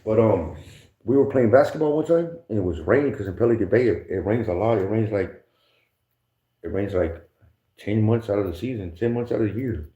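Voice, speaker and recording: A fairly low, dark-toned voice speaks briskly. The man, a podcast guest, casually shares prison stories laced with slang and swearing, laughing frequently and imitating others, recorded in an echoey room with dull lo-fi audio.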